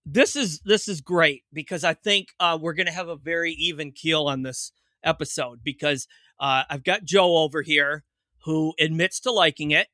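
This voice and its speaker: A man hosts a casual podcast chat, his voice very bright and a touch high. He rambles and interrupts himself with jokes. The sound is dry and close. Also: normal speed, no echo. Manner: rambling, self-interrupting, joking. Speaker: podcast host.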